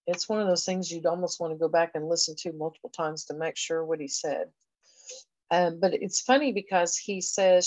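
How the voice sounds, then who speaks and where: A female education professor records a conversational lecture on a reading assessment, explaining each step with plenty of fillers. Her voice is fairly low, a little mellow, and brisk, captured in a dry recording with poor audio.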